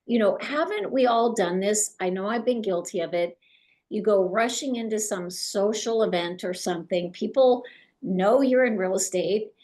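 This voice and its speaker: Animated middle-aged woman coaching real estate agents. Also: medium pitch, normal speed. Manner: animated, acts out client conversations.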